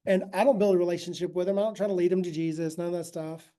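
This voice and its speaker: A man's voice: sits high, fairly even intonation, rapid-fire, warm tone. A man giving a casual, conversational ministry talk, often checking in with his listeners. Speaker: ministry teacher.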